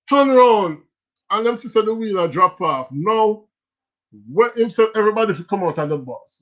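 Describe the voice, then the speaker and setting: Speaking in patois with a high-pitched, pushed, bright voice, this Jamaican man hosts a relaxed stream full of stories and frequent laughter. The audio is lo-fi and slightly dull.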